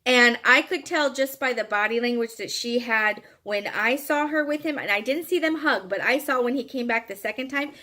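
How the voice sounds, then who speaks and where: A woman's voice: fairly high pitch, moderate pace, hardly any pauses, bright, forceful tone. A woman telling a personal story in a frank, emphatic way, with some casual swearing. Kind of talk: candid storytelling monologue.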